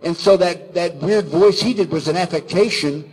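Male panel guest, higher-pitched, excitable storyteller who acts out voices. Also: normal speed, slightly rough, rough recording. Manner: excited, acts out voices in stories, many fillers. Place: convention panel room.

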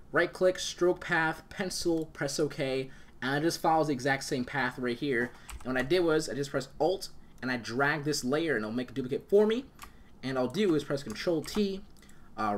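A young man hosting a casual software tutorial, rambling and enthusiastic, full of fillers and restarts. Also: medium pitch. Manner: rambling, enthusiastic, many fillers and self-corrections. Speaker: tutorial host.

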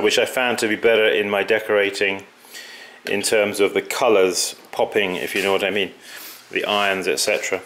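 Bright-toned man demonstrating pottery glazing. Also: fairly low pitch. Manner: halting, repeats words, talks while working. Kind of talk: casual workshop demonstration.

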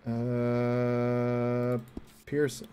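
A young man streaming a game, joking crudely and breaking into loud whoops and yelps. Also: medium pitch, monotone, extremely slow, faint music behind. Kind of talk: casual livestream chat while playing.

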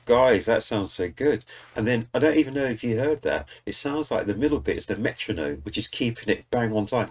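Expressive and brisk, with a medium-pitched voice, a British man hosts a music reaction video. He chats with enthusiasm, giving casual commentary directly to his viewers.

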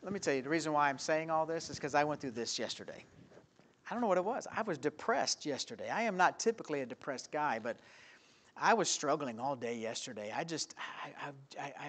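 A male pastor preaching an evening sermon in a church, full of rhetorical questions and swinging from loud to quiet. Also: fairly high pitch, expressive, normal speed. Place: church sanctuary.

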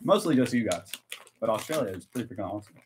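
An American man chatting casually and excitedly on a live stream while tasting snacks. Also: lowish voice, quick pace, background noise. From United States. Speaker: vlogger.

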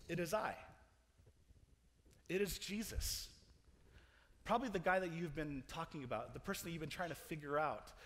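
A young man preaching in a chapel, telling a story with animated energy, laughing and restarting his sentences as he goes. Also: a little high. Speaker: chapel speaker. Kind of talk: storytelling sermon. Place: large chapel hall. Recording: long hall reverb.

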